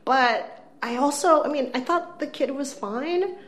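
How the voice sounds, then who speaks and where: A woman's voice: high voice, a little slow. Wry sarcastic woman film critic. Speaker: podcast co-host, film critic. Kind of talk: casual movie review chat. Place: empty office room.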